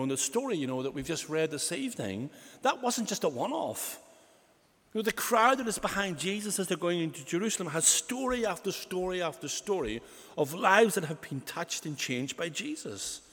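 Male preacher, high and animated, lots of "you know", long hall echo. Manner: rhetorical questions, frequent "you know" fillers. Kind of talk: sermon.

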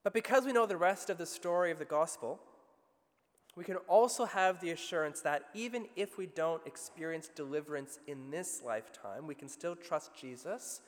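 A man with an Australian accent preaching a sermon, telling the story with vivid asides and a lively, expressive delivery. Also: on the high side, normal speed, long reverb tail.

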